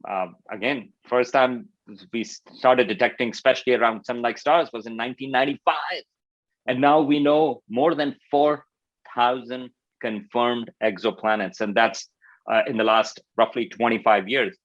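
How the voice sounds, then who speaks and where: A Pakistani man with a Pakistani accent speaks as an astrophysicist guest in a conversational interview. His mid-range voice is steady and moderately paced, though the recording is muffled. He sounds thoughtful and enthusiastic, with many fillers and restarts.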